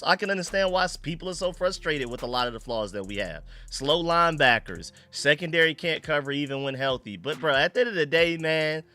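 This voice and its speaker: A man hosting a casual sports fan live stream, excitable and slangy, greeting chat viewers by name. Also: mid-range voice.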